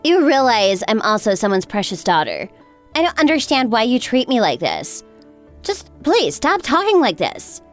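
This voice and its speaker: A woman's voice: a little high, wildly swooping pitch, moderate pace, soft background music. A woman voicing a stressed, defensive young mother in a dramatized story. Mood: upset. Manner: pleading, defensive.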